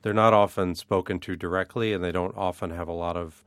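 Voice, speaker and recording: A man's voice: deep voice, fairly even intonation, fairly quick, fairly bright tone, no room sound. A man being interviewed in a radio studio as a guest, an art professor explaining things earnestly with some fillers.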